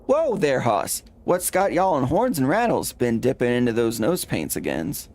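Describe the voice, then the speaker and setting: A man voicing an excitable old-West cowboy sidekick in a put-on drawl with folksy slang. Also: mid-range voice, moderate pace. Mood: hollering.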